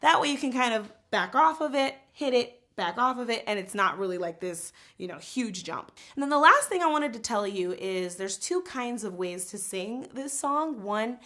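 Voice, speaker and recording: A woman teaching a casual singing lesson, animated and explaining with quick spoken and sung examples. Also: fairly high pitch.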